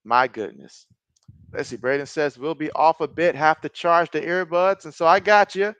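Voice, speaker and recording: High-voiced excitable man calling a game. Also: moderate pace, smooth, dry recording. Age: 30s. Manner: excitable, reacts loudly to plays. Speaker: live-stream sports host. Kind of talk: casual live play-by-play and chat reading.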